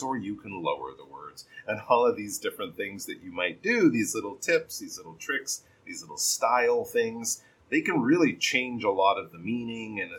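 Male speaking coach, low and slightly husky, patient feedback on a student's reading. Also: pushed and bright, rough recording. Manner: patient, explains then models sentences slowly with exaggerated stress. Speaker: pronunciation teacher.

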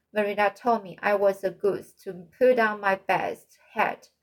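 A woman's voice: medium pitch, a little mellow, natural voice, low-quality recording. A woman reading the part of a cheerful, imaginative teenage girl in a storybook, talkative and dreamy. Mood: matter-of-fact.

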